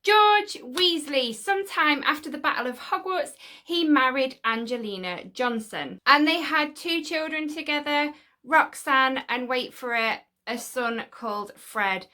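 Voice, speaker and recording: A woman with a high, bright voice hosting a casual fan vlog. She chats along informally and breaks off now and then into excited asides. Her tone stays light and sharp throughout. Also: a little slow. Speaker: fan channel host.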